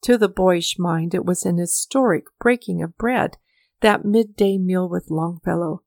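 A woman's voice: lowish voice, unhurried, gravelly, darkish tone, no echo, studio quality. Woman reading a story aloud. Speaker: reader. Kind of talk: audiobook storytelling.

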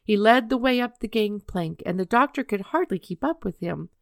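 A woman reading a children's story aloud in a measured, expressive way. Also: mid-range voice, creaky, dry recording, studio quality.

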